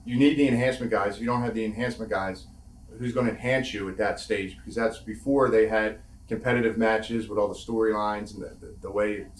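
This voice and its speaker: Low-voiced man telling wrestling stories. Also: fairly even intonation, brisk. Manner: candid, laughing storyteller with mild swearing. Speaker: former wrestler interviewee. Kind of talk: casual storytelling interview. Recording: echoey room.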